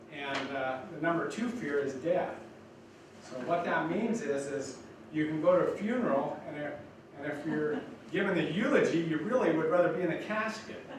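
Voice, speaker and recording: Folksy older man speaking in an echoey hall. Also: on the high side. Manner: folksy, rambling with many restarts. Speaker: guest speaker. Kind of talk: speech to students. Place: college lecture room. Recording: echoey hall from far off, noisy.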